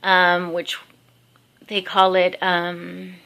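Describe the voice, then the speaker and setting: A woman's voice: lowish voice, completely flat delivery, extremely slow, creaky, pushed and bright, clear, resonant tone. A woman telling a rambling story in a casual vlog at home, just woken up, with many fillers. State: just woke up. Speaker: vlogger. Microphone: handheld camera.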